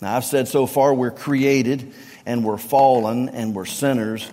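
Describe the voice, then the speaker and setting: A middle-aged man with a Southern US accent preaching a sermon, emphatic, repeating refrains and swinging from low tones to near-shouts. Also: fairly even intonation, unhurried. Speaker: pastor. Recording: long reverb of a large hall.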